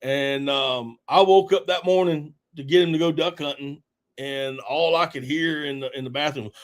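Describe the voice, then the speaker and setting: A man's voice: a little high, normal speed. A middle-aged man hosting a live stream, telling a hunting story in a rambling, laughing way with lots of fillers. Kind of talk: casual storytelling chat.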